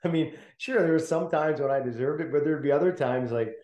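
Guy telling old locker room stories, laughs a lot, warm low-key tone, echoey room. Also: fairly quick. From Canada. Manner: laughs often, chatty, many restarts. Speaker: guest, former pro hockey player. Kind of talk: casual storytelling interview.

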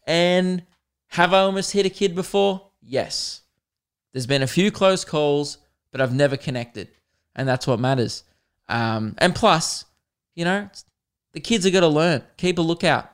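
A young man with an Australian accent, a podcast host telling a rambling, animated comic story and swearing often. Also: mid-range voice, clear, resonant tone. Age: young adult. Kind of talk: comedic storytelling.

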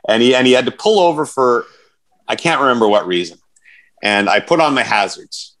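A man's voice: mid-range voice, expressive, a little fast, a bit bright. A man co-hosting a podcast, telling rambling, self-mocking stories in casual chat. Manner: rambling, self-deprecating storyteller. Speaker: podcast co-host.

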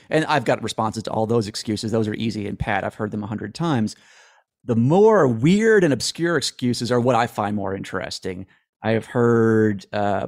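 A man's voice: mid-range voice, a little mellow, no echo, studio quality. A man answering interview questions in a rambling, self-deprecating way, often restarting his sentences. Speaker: guest.

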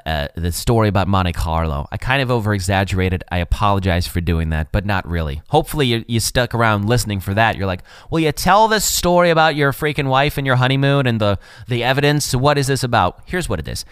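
A man's voice: fairly low pitch, clean tone, no echo. A man in his thirties from Wisconsin, a chatty, jokey podcast host telling stories. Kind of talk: casual monologue.

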